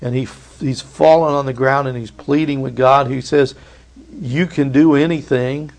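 A man's voice: medium pitch, fairly even intonation, normal speed. A man preaching a sermon, reading scripture and acting out the voices of biblical figures.

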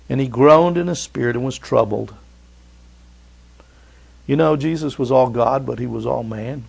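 A man preaches to his congregation with a gravelly edge in a middle-pitched voice. He swings between loud, urging lines and quiet, tender ones. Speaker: pastor. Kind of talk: sermon.

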